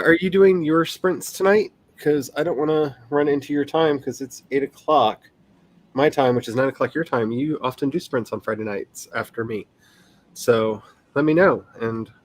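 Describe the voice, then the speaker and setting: A man's voice: a little high, no echo. Rambling, laughing man on a dry mic. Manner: rambling, self-deprecating, laughs often, many restarts. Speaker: author and livestream host. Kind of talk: casual livestream chat.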